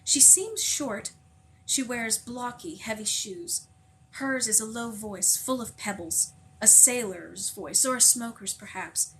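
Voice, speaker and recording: Woman reading a novel aloud, measured. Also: fairly high pitch, a bit bright, a little hiss or hum, low-quality recording. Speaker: audiobook reader.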